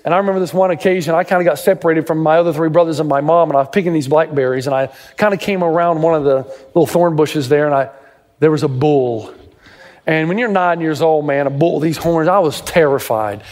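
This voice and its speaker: A fairly high-voiced middle-aged man preaches with lively, theatrical storytelling, his voice ringing through a long hall reverb. He grew up in Tennessee and spins family tales into sermon points. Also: fast talker. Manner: dramatic storytelling, pitch leaping up in quoted voices. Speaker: pastor.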